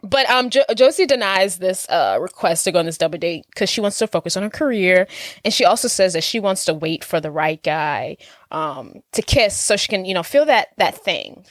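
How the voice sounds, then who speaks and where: A woman's voice: on the low side, expressive, moderate pace, no echo, clean studio sound. A young woman in her twenties co-hosting a casual podcast, recapping with wry asides. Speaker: podcast co-host. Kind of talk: casual chat.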